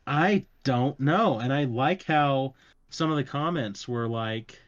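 A man's voice: mid-range voice, slow, highs cut off. A young man chatting casually on a podcast, telling stories in a rambling, self-mocking way with plenty of fillers. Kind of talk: casual chat.

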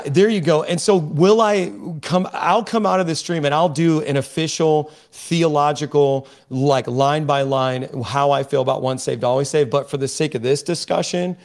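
A man speaking as a podcast guest, emphatic and preachy, often restarting his sentences as he builds his point. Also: a little high. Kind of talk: impassioned podcast discussion.

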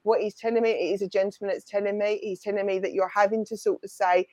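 A middle-aged woman with a London-Essex accent talks her way through a live mediumship reading, chatty and rambling as she passes on messages. Her voice sits at an ordinary middle pitch. The sound is dry, with no room echo. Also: fairly even intonation, quick pace, a little mellow. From southern England.

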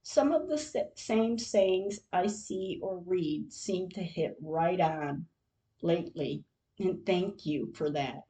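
Middle-aged woman podcaster reading her diary, slow and mellow, quiet and reflective. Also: lowish voice, poor audio. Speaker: podcast host. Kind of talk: reading diary entries aloud.

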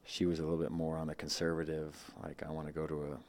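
Deep-voiced man telling a rambling story. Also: monotone, fast talker, darkish tone. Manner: rambling, many restarts and quoted asides. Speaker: guest. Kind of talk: casual storytelling.

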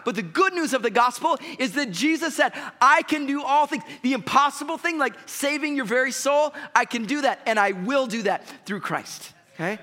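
A man's voice: extremely high pitch, expressive, moderate pace, bright, forceful tone. A pastor preaching a sermon to his congregation, talking to them directly and emphatically. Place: church sanctuary. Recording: long reverb of a church hall.

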